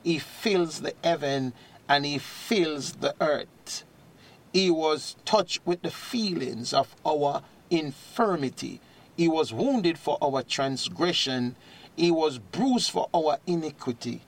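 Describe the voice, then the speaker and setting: A man preaching on a radio program, praying and reading scripture with a fervent cadence that swells into loud declamation. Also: fairly high pitch, takes it slowly.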